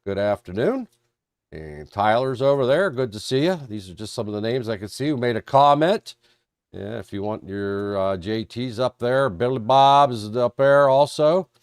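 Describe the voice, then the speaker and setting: A man's voice: on the low side, expressive, normal speed, dry recording, studio quality. A man moderating a live trading stream, talking in a folksy, rambling way with a stuffed-up head cold. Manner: folksy, rambling, self-deprecating. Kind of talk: live-stream market talk.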